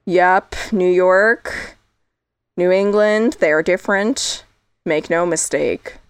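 This is a woman co-hosting a casual podcast, sliding from one tangent to the next and laughing easily. Her voice sits fairly low, and the recording is dry and close, with no room sound. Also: takes it slowly, clear, resonant tone, no room sound. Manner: chatty, tangential, laughs often. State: losing her voice. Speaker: podcast co-host. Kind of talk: casual chat.

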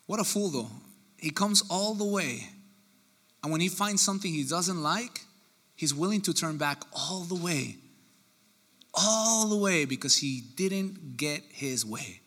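A man preaching a sermon, animated and acting out the people he quotes. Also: on the high side, unhurried. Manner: animated, acts out quoted voices. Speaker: pastor.

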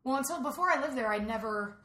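A woman from Georgia chatting casually on a podcast, animated and quick with asides. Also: high-pitched. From Atlanta, Georgia. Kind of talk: casual chat. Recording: roomy echo, faint noise.

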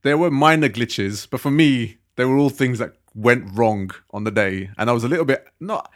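Man in his thirties, podcast co-host, relaxed and teasing, matter-of-fact delivery. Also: medium pitch, moderate pace. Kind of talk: casual chat.

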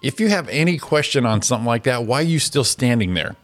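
A man co-hosting a morning show, prodding for details and laughing loudly in casual banter. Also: medium pitch, animated, brisk, slight background noise.

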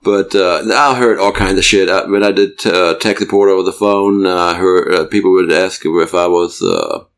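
A podcast host from Germany with a German accent speaks in a low voice with lively intonation, at a moderate pace and with few pauses. In a casual chat, he tells rambling, stop-start stories and laughs often.

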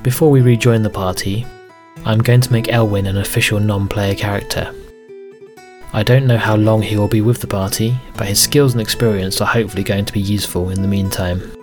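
A man narrating a solo tabletop game as game master, with steady, even storytelling. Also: lowish voice, brisk. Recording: music bed under narration.

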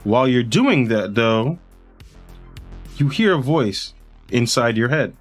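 A man's voice: medium pitch, expressive, slow. Guy gm describing a cave casually, um and like, faint music behind. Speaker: game master. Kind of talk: narrating a tabletop game.

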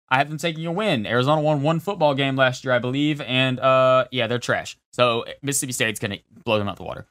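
A young man co-hosting a sports podcast, talking fast and opinionated in a casual chat. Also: mid-range voice, sharp tone, dry recording, studio quality. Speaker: podcast co-host.

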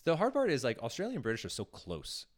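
A man's voice: mid-range voice, wildly swooping pitch, fast. A man hosting a casual chat, rambling through filler words, swearing and laughing often. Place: near Pasadena.

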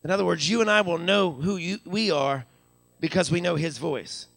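A man's voice: high voice, moderate pace, creaky, fairly bright tone, no room sound. A man preaching a live church sermon as pastor, stammering repeats as he builds and calling out hallelujah. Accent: Western Pennsylvania. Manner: repeats words when building up, calls out hallelujah. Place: church sanctuary.

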